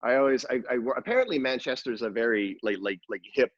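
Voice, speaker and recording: A man's voice: mid-range voice, expressive, fast talker, no room sound, highs cut off. A man in casual podcast chat, rambling with many fillers and restarts.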